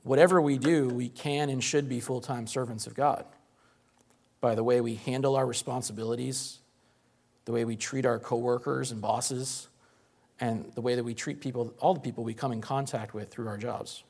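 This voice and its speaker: A pastor preaching to his congregation, with a man's voice at an ordinary middle pitch. He talks through the passage plainly and conversationally. He leans on rhetorical questions to draw his listeners in. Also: fairly even intonation, normal speed, vocal fry, darkish tone. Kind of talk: sermon.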